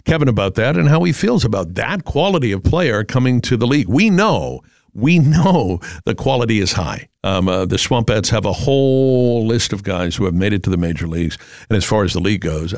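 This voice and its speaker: Middle-aged New England man, chatty local radio host, dry close sound, gravelly. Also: lowish voice, darkish tone, no echo. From Massachusetts. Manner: rambling, chatty, with many fillers. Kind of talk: casual talk radio.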